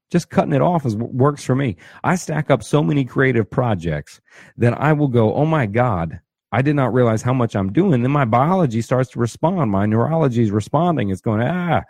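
A man speaks to his viewers in a conversational self-help talk. His voice is dark, with a husky edge, and the recording is close and dry. He keeps checking in with "right?" and jumps his pitch up or down to play people's inner voices. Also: lively intonation, brisk, dry recording. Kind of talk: motivational talk to camera.

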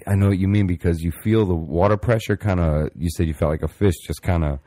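A man's voice: sits low, fast, mellow, dry recording, clean studio sound. A man in casual chat as a podcast co-host, laid-back and swearing freely.

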